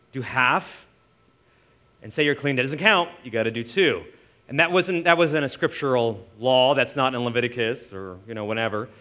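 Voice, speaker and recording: A man preaching a casual, conversational sermon, often acting out quoted voices. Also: mid-range voice. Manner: animated, conversational, acts out voices.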